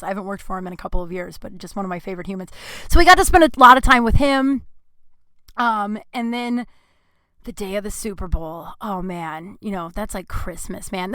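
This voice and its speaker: Bright, crisp-voiced woman comedian ranting. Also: medium pitch, dry recording. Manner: profane, animated, blunt. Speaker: podcast host and comedian. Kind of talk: casual storytelling monologue. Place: indoor room.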